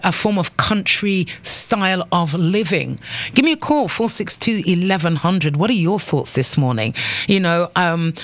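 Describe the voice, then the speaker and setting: A woman's voice: fairly low pitch, no room sound. A woman with an Antiguan accent hosting a morning call-in radio show from a studio, talking in a rambling way, often repeating words and calling listeners "love.". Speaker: radio talk show host.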